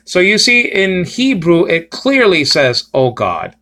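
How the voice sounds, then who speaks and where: A man teaching informally, halting and repetitive, often checking in with his listeners. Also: high-pitched, expressive, noisy background. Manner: repetitive, checks in with "okay?" and "you understand?"; halting, many restarts and fillers. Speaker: Bible teacher.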